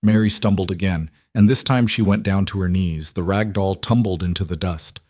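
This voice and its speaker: A man narrating a western story in a measured, dramatic storytelling manner. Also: deep voice, a little mellow, dry recording, clean studio sound. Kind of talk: scripted narration.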